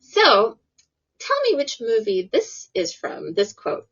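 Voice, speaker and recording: A woman's voice: on the high side, huge pitch swings, slow pace, husky. A woman hosting a podcast interview, upbeat and giggly in casual chat. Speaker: podcast host. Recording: lo-fi dull audio.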